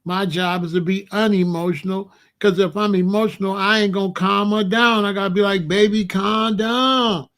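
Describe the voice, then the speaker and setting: A man's voice: high voice, flat delivery, brisk, few pauses, a bit bright, clean tone. A middle-aged man, giving emphatic, repetitive monologue commentary. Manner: preachy, emphatic, repeats himself.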